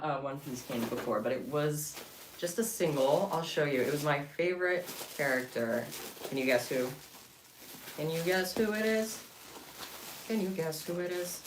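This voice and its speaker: Animated low-voiced woman chatting on stream. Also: echoey room, background noise. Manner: chatty and excitable, talking to chat. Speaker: livestreamer making bead bracelets. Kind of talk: casual livestream chat.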